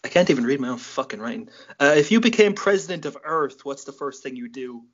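A man's voice: medium pitch, lively intonation, fast talker, lo-fi sound. A young Irish man hosting a casual late-night podcast, swearing freely and laughing at his own jokes. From Ireland. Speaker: podcast host.

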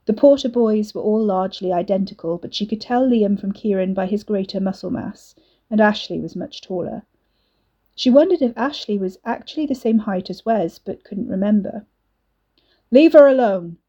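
A woman narrating an audiobook in a measured, expressive reading. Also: medium pitch, highs cut off.

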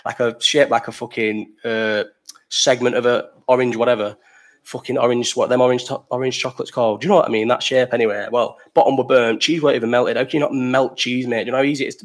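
A man's voice: medium pitch, fairly bright tone. A young man hosting a live chat, rambling through a festival story, swearing freely and breaking off to answer the chat. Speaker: livestream host.

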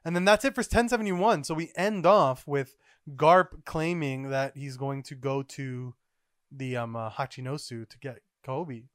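A man hosting a podcast, recapping comic chapters in a rambling, excitable, casual way. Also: medium pitch, unhurried, dry recording, clean studio sound. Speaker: podcast host.

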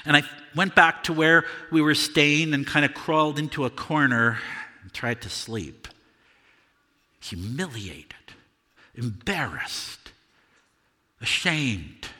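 A man's voice: on the high side, bright, forceful tone, big-room sound. Peter, a man playing a remorseful apostle. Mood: despondent. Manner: earnest, confessional, halting with repeated words. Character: Apostle Peter, a remorseful fisherman recounting his denial. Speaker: dramatic monologue performer at a church service. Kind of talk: first-person dramatic monologue. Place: church sanctuary.

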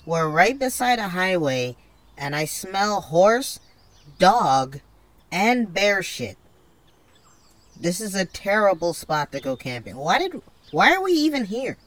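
Blunt, exasperated woman sketch partner with a lively, swooping voice. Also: on the low side, slow, no echo. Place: outdoors.

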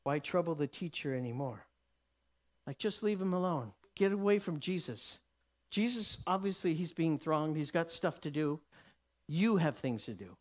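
A man with a notably high voice preaching a teaching sermon. He acts out the people in the story, swinging from loud, ringing declarations to hushed whispers. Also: animated, normal speed.

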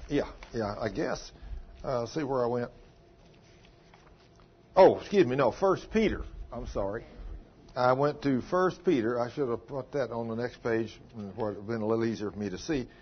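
A man's voice: mid-range voice, lively intonation, moderate pace, slightly rough. A man preaching a sermon, telling stories with strong rises and falls in his voice. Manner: emphatic, rising and falling with storytelling. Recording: dull lo-fi recording.

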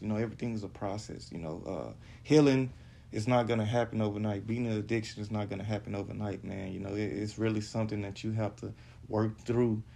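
Gravelly low man, halting storytelling. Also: a little mellow. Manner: halting, repeats words, calls listener "man". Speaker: podcast host. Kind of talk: personal storytelling.

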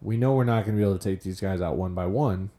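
A man's voice: deep voice, fast talker, warm tone. A man co-hosting a podcast, talking casually and reflectively about a movie. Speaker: podcast co-host.

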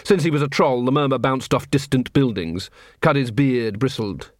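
A man reading a comic novel aloud in a wry, measured storytelling style. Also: mid-range voice, dry recording, studio quality. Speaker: audiobook narrator. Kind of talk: storytelling narration.

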